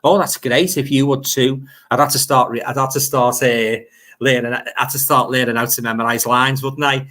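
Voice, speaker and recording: A man's voice: medium pitch, steady tone, normal speed, bright, forceful tone. A man with a Liverpool accent hosting a casual livestream, reading out viewer comments and chatting in a rambling way, often repeating words as he goes.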